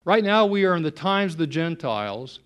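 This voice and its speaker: A man preaching an expository sermon, reading scripture slowly and stressing key words emphatically. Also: a little high, very animated, clear, resonant tone.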